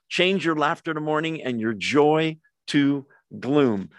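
A man teaching a Bible study in a relaxed, conversational way, with pauses, fillers and quick asides to his group. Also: on the high side, no echo.

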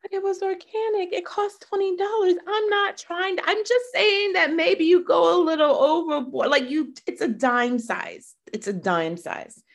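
A woman playing an emotional partner in an improvised comedy scene, quick to tears and quick to defend herself. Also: very high-pitched, gravelly. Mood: flustered. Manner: gushing, quick to tears and self-justifying. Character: emotional, touchy woman on a romantic outing.

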